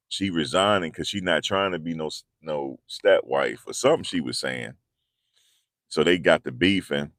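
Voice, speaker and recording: A man's voice: extremely low pitch, fairly bright tone, no echo, studio quality. A man hosting a casual commentary video, talking in a loose, slangy, repetitive way. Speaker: commentary channel host.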